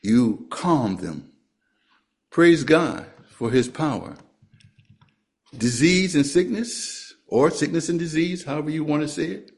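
A man preaching a sermon and reading scripture aloud, speaking slowly and deliberately and letting his voice fall at the end of phrases. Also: creaky. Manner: slow, deliberate, drops pitch at phrase ends.

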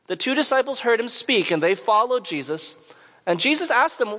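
Man, high voice, conversational sermon, asks the crowd questions, long hall reverb. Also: big pitch swings, normal speed, bright, forceful tone. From Canada, Montreal. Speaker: preacher. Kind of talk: sermon with personal storytelling.

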